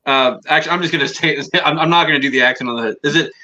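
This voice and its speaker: Man, podcast host, bright voice, fairly high, casual banter, laughs. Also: rapid-fire, highs cut off. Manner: laughing, hesitant, calls on others to vote. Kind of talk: casual group podcast chat.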